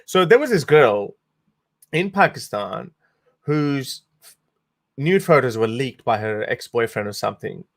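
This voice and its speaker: A man's voice: mid-range voice, very animated, unhurried, vocal fry, pauses often. A man hosting a livestream, talking casually in an amused, sarcastic way with frequent laughs and restarts. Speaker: host.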